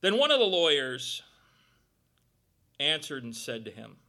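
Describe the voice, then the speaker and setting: A man's voice: fairly high pitch, sing-song, measured pace, bright, forceful tone. A man preaching a conversational sermon as pastor, joking and acting out quotes and little sounds as he goes.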